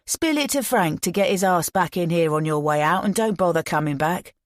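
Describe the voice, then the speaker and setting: Woman voicing a leering male gang boss, taunting and louder than her narration. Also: lowish voice, expressive, brisk, no room sound, studio quality, natural voice. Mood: dismissive. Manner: sneering, taunting slang. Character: menacing leering male crime boss, mocking.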